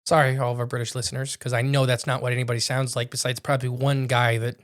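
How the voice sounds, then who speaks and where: A man's voice: medium pitch, level tone, fast talker. A young man co-hosting a podcast, casually narrating a spooky tale with frequent restarts and self-corrections. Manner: rambling, self-correcting storyteller. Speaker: podcast co-host narrating a story. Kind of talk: casual storytelling chat.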